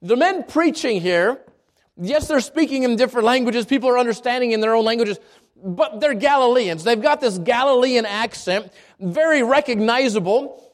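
A man from Albuquerque preaching a sermon at a church service, moving between quick asides and slow, emphatic lines. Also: very high-pitched, expressive. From Albuquerque, New Mexico. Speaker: pastor.

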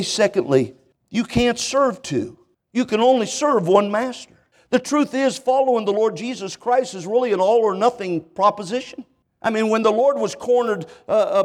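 A middle-aged man preaching a sermon, telling stories with quoted dialogue and repeating questions to drive home his point. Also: sits high.

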